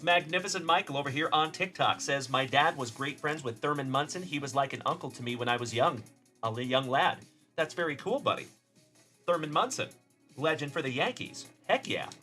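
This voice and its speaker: A man's voice: on the high side, expressive, fairly quick, soft background music. A man from Texas hosting a live card-opening stream, chatting casually and cheerfully calling out viewers by name. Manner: upbeat, shouting out chat viewers by name. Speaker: card-breaking livestream host.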